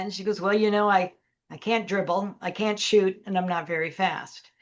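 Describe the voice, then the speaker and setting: Woman animated storyteller, lo-fi sound. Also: mid-range voice, normal speed. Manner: animated storyteller acting out dialogue. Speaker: guest, leadership coach. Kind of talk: storytelling in a podcast interview. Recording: dull lo-fi audio.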